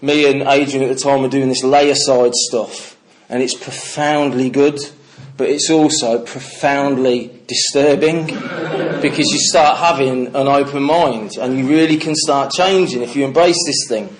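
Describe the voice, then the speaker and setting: A man's voice: medium pitch, fairly even intonation, unhurried. A middle-aged man from the English Midlands giving a candid personal recovery talk to a meeting, swearing freely and telling stories with laughter. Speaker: recovery speaker.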